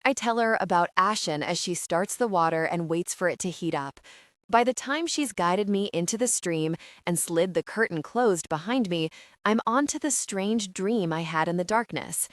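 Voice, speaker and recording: Female audiobook narrator, low voice, dry close sound, steady first-person read. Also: normal speed, no echo.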